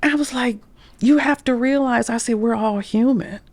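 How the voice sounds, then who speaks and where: A woman's voice: fairly high pitch, normal speed, no echo. A middle-aged woman career coach telling candid stories on a podcast, acting out the quoted voices and dropping to whispers. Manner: animated, acts out quoted speech, drops to whispers.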